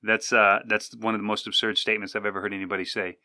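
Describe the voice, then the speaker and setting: Podcast host, man, rambling casual talker; lowish, forceful tone; dry close-miked sound. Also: little pitch movement, a little fast, few pauses, no room sound. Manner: rambling, conversational, with many fillers and restarts. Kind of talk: casual monologue. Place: indoors, sitting with coffee.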